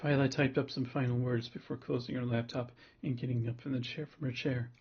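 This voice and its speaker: A man's voice: medium pitch, level tone, fairly quick, hardly any pauses, breathy edge, lo-fi sound. A man streaming himself reading a visual novel aloud, with laid-back joking asides. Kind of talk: casual stream narration.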